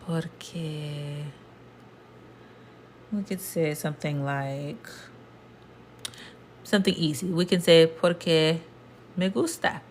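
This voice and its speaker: A woman teaching a casual livestream lesson, explaining patiently and repeating words slowly. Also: low voice, slight background noise. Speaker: Spanish teacher.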